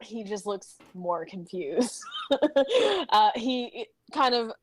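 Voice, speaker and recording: A woman narrating as game master of a tabletop game, hesitant and halting, with many fillers. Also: medium pitch, no echo.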